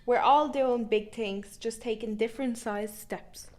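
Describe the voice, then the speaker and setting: A young woman from Ireland with a Dublin accent, co-hosting a podcast and telling a story in a casual, animated way with plenty of swearing. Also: fairly high pitch, a little slow. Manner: animated, swears freely, acts out voices in her story. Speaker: podcast co-host.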